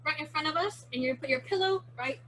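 Over a video call, a teenage girl leads the daily challenge for a virtual kids' martial arts class, walking through each step. She's playful and chatty, with a high voice and fast delivery.

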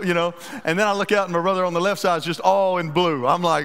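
A man preaching a sermon as pastor, telling stories in a folksy, animated, self-deprecating way. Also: sits high, fast, few pauses, smooth. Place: church sanctuary. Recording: reverberant church hall.

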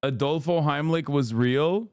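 A man's voice: on the high side, measured pace, a little mellow, clear, resonant tone, dry recording, clean studio sound. Sarcastic man joking on stream. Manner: joking, sarcastic, laughs between lines. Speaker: livestreamer reacting to a clip. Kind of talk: casual stream commentary.

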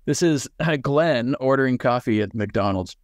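A man's voice: mid-range voice, animated, normal speed, dry recording. A man speaking in a thoughtful, reflective way as an author discussing his writing on a video call. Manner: thoughtful, many fillers and restarts. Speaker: author and guest. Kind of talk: reflective conversation and reading.

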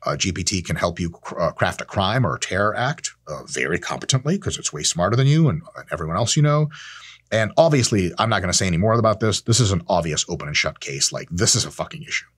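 Husky low guy in his 30s ranting casually, curses a lot, acts out little dialogues. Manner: animated, swears freely, acts out quoted exchanges. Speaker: host. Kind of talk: casual monologue.

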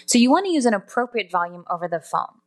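A woman's voice: on the high side, very animated, fast talker. Woman explaining vocal skills in a lesson. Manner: explanatory, self-correcting, demonstrates tones aloud. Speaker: customer service trainer. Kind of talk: spoken lesson.

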